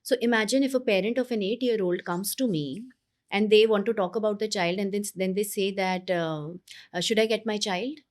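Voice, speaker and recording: A woman's voice: medium pitch, a little mellow. Earnest woman giving parenting advice. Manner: earnest, with many pauses and restarts. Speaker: parenting coach. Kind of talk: conversational interview advice.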